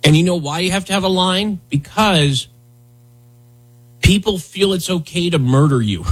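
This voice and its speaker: Blunt husky-voiced male commentator. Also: high voice, lively intonation, normal speed, poor audio. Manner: blunt, heated, repeats himself. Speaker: political commentary host. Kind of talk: casual political commentary.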